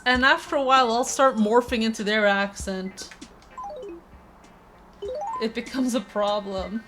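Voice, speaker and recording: Female streamer, slight Spanish accent, crisp over-enunciated consonants, rambling casual chat over faint game music. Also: a little high, normal speed. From Peru. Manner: chatty, rambling, many restarts.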